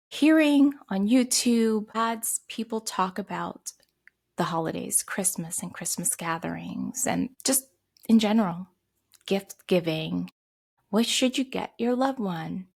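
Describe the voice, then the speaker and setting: A middle-aged woman with a gravelly, slightly husky voice hosts a personal self-care talk. She speaks in a heartfelt, gently advising way, at an ordinary pitch. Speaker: podcast host.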